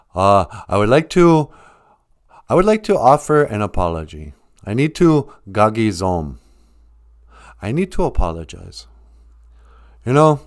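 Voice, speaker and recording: A man hosting a livestreamed podcast, chatting in a teasing, mock-serious way. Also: lowish voice. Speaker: podcast host. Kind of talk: joking livestream chat. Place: home livestream.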